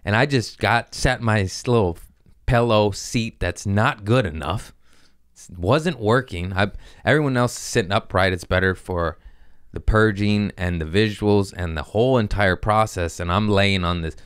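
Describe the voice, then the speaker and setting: Low-voiced man telling profane stories. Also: moderate pace, smooth, dry recording, studio quality. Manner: profane, self-mocking, animated with quoted voices. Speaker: podcast host. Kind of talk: comedic storytelling.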